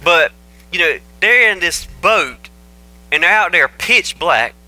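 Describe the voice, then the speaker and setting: In a church sanctuary, a pastor preaches a casual, folksy sermon into a microphone, joking and telling the story to the congregation as if chatting. His high-pitched voice is very bright and ringing, his pace is slow, and the recording quality is low.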